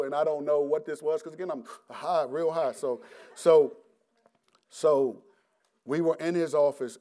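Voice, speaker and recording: A middle-aged male preacher tells his own story in a slightly high voice. He is animated and halting, restarting and repeating words as he goes. He acts out his past self and breaks into laughter. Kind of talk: personal testimony sermon.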